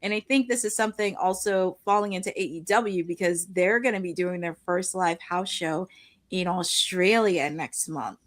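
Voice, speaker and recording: A woman co-hosting a wrestling podcast, chatting casually and rambling with quick self-corrections. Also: fairly low pitch. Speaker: podcast co-host. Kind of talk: casual chat.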